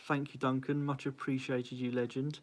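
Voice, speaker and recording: A man's voice: mid-range voice, flat delivery, moderate pace. A man hosting a casual live-stream rundown of a cycling club's leaderboard, cheery and chatty, greeting viewers by name and laughing at his own slips. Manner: flustered, self-mocking. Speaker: cycling club host.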